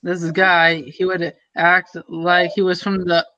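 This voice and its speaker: A young man in casual group voice chat, rambling and halting, full of fillers and restarts. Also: sits high, flat delivery, pushed and bright, no echo. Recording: dull lo-fi voice chat audio.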